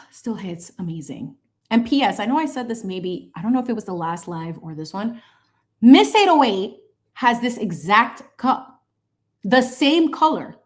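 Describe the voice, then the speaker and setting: A woman in her late thirties hosting a live painting stream, chatting casually and animatedly with viewers as she paints. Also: a little high. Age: 30s. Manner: chatty, animated, greets chat viewers with squeals. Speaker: painting livestream host.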